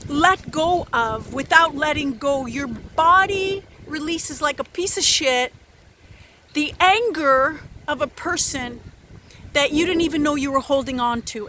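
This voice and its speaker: A woman's voice: sits high, bright, forceful tone, a little hiss or hum. A woman giving an unscripted spiritual talk to camera, intense and blunt, swearing freely and pressing her points hard. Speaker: spiritual vlogger.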